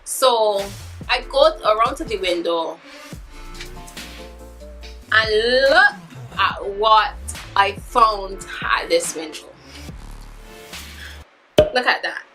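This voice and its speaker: A woman in her twenties telling a story in a vlog, animated and dramatic, acting out what people said. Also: mid-range voice, extremely slow, pauses often, music in the background. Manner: animated, dramatic retelling with acted-out quotes. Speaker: vlogger.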